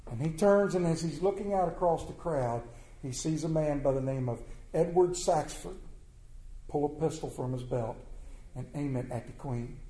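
A man preaching in a large echoing hall, telling a story with folksy, plainspoken flair. His voice sits fairly high for a man but sounds mellow, and he swings between booming and hushed delivery. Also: normal speed. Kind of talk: storytelling sermon. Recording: echoey room.

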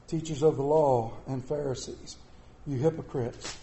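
A middle-aged pastor preaching a sermon in a church, animated and mixing comic asides with scripture. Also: male voice, mid-range voice, measured pace, roomy sound. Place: church sanctuary.

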